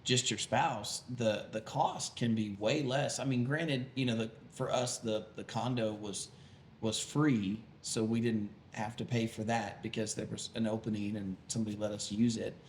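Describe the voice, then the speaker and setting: A man's voice: lowish voice, steady tone, moderate pace. Rambling man in an echoey room. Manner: rambling, many fillers and restarts. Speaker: podcast co-host, pastor. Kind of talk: casual chat. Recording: echoey room with faint noise.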